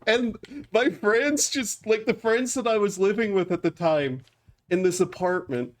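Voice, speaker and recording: A young man streaming a game, telling a rambling story with frequent laughs and flat acted-out quotes. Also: high voice, unhurried. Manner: rambling, laughs often, acts out quotes flatly. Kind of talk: casual storytelling while gaming.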